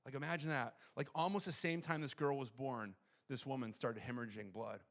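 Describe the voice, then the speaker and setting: A male pastor preaching a sermon in an animated way, acting out quoted lines and dropping to quiet intensity for tender moments. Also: mid-range voice, fairly quick.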